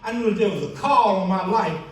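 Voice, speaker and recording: Recorded from a distance in an echoey church banquet hall, a high-pitched man speaks briskly. He's the keynote speaker giving a testimony, storytelling and playing out his friends' quotes in animated bursts.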